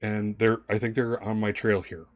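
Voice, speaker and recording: A man's voice: fairly low pitch, little pitch movement, moderate pace, dry recording, studio quality, natural voice. A man voicing a scared young man in his twenties who is being hunted and pleads urgently for help.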